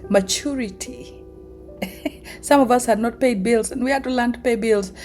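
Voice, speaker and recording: With faint music behind her, a middle-aged Kenyan vlogger tells stories casually, her Kenyan-accented voice a little high and a little mellow at a moderate pace. She laughs often and performs the voices of those she quotes.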